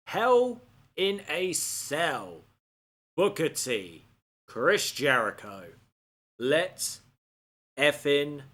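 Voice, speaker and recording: A man playing a wrestling video game and reacting with playful, animated commentary. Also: a little high. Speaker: game player. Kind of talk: gaming commentary.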